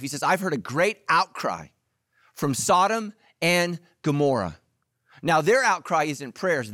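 A middle-aged man preaching a sermon, lively and joking, talking straight to his listeners. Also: a little high, dry recording, studio quality. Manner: energetic, jokey preaching with audience asides. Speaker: pastor.

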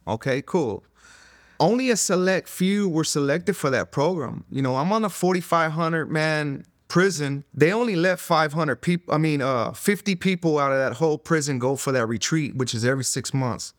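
A middle-aged man telling his testimony in an interview, earnest and conversational, full of "you know" fillers and dropping to a hush at emotional moments. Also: fairly high pitch, expressive, moderate pace, dry recording, clean studio sound. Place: recorded interview in a studio room.

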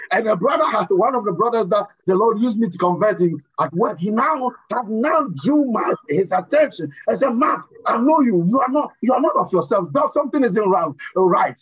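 A man preaching a sermon, emphatic and building to shouts, telling a personal story between scripture readings. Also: sits high, breathy edge, low-quality recording. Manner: emphatic, rises to shouting at times.

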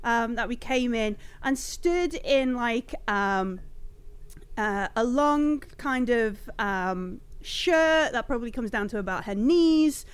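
A woman's voice: on the high side, expressive, takes it slowly, clean tone. A woman narrating a tabletop game as game master, rambling with many fillers. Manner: rambling, full of ums and laughs.

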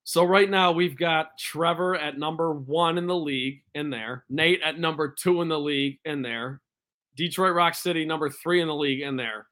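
A young man co-hosting a casual fantasy football podcast, emphatic and quick to joke and trash-talk. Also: on the high side, bright, forceful tone. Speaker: podcast co-host.

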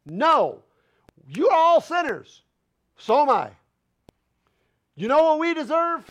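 A man preaching in a church with a strikingly high voice that swoops widely as he presses each point. He slows down to drive lines home, talking in a plain folksy way with rhetorical questions. His delivery stays passionate and emphatic throughout. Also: sing-song. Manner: passionate, emphatic, rising to loud declarations. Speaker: pastor. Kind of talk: sermon. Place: church sanctuary.

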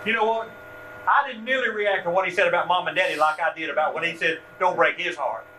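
A man leading a church workshop, telling a story in a folksy, animated way and closing with prayer. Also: sits high, fast. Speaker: ministry workshop leader. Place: meeting room at a church event. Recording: distant mic with steady hum.

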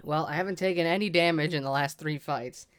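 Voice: medium pitch, fairly quick, a bit bright. A player in a tabletop game, calling out rolls and actions in a matter-of-fact way. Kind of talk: casual tabletop play.

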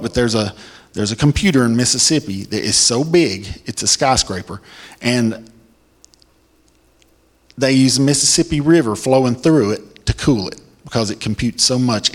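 Fervent male preacher, emphatic delivery. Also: a little fast. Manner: emphatic, pitch swings high when excited. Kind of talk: sermon reading scripture with commentary.

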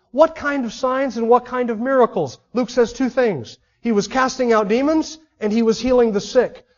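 A man with a high voice delivers an expository sermon, pressing his listeners with rhetorical question after rhetorical question. His emphatic preaching comes through a dull, muffled, lo-fi recording. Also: darkish tone. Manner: emphatic, asks the audience many rhetorical questions.

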